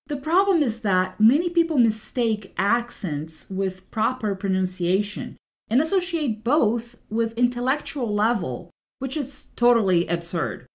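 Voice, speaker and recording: A woman in her forties, a translator hosting her podcast, reading a prepared monologue evenly with light asides. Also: medium pitch. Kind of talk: scripted solo podcast monologue.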